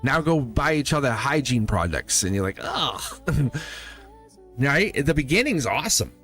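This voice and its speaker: A man's voice: mid-range voice, big pitch swings, moderate pace, fairly bright tone, breathy edge, faint music behind. A man hosting a live tarot reading, playful and laughing often as he talks to his viewers. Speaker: tarot reader and live stream host.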